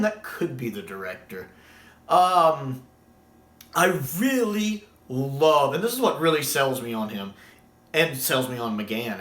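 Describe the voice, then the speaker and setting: A man's voice: mid-range voice, roomy sound. A man from the United States, enthusiastically discussing a sci-fi show in casual talk and acting out quoted scenes. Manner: excited, quotes scenes in acted voices.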